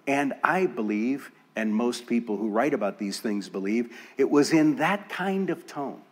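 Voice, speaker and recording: A male pastor preaching a sermon in a church, measured and emphatic, building his points through repeated phrases. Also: mid-range voice, lively intonation.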